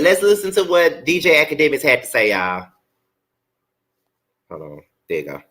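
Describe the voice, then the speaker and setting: A man's voice: a little high, wildly swooping pitch, moderate pace, pauses often, a bit bright. A man hosting a commentary vlog, talking bluntly and profanely in a ranting, heated way. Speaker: commentary channel host.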